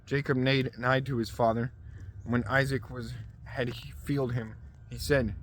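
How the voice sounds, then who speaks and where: A man reading scripture aloud at a measured pace, with occasional stumbles and restarts. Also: medium pitch, flat delivery, fairly bright tone, a little hiss or hum. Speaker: scripture reader.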